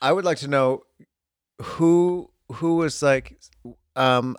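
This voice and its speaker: A woman's voice: low-pitched, takes it slowly, pauses often, clear, resonant tone, no room sound, studio quality. A woman co-hosting a comedy podcast, ranting and acting out imagined conversations. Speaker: podcast co-host. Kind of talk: casual comedy podcast chat.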